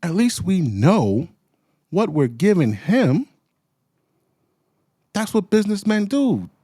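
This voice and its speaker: Male host, swears a lot, animated delivery, dry close mic. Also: high-pitched, slow, husky, no echo. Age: adult with children. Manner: profane, slangy, heated. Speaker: commentary host. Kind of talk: ranting commentary.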